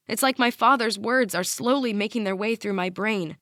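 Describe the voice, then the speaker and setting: A woman's voice: medium pitch, normal speed, a bit bright, dry recording, studio quality. Woman narrating a teen romance audiobook. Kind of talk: first-person audiobook narration.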